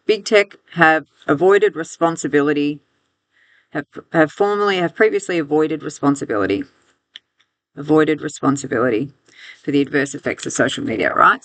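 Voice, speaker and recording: A woman's voice: sits low, fairly bright tone, no echo. A woman teacher walking students through a reading text, thinking aloud with restarts and rhetorical questions, on a close mic.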